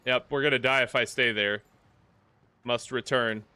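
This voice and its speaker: A man livestreaming a horror game, talking in a loose, jokey way and coaxing the characters on screen. His voice is bright and smooth. The sound is close and dry, with no room around it. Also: mid-range voice, steady tone, brisk, no echo. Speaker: gaming livestream host. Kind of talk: casual live commentary.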